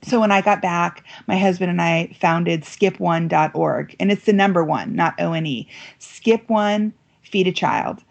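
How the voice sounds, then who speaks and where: Woman, American, middle-aged, guest, animated storytelling, dull lo-fi audio. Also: gravelly. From United States. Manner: lively, quotes voices with big pitch jumps.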